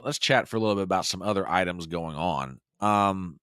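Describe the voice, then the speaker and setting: A man with a low but bright, forceful voice hosts a political talk show. His pitch swings widely as he talks straight to his listeners in a folksy way. The sound is dry and close, with no room around it. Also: normal speed, smooth, no room sound. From United States. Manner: animated, folksy, talks to the audience as "y'all". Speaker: podcast host. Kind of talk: casual political commentary.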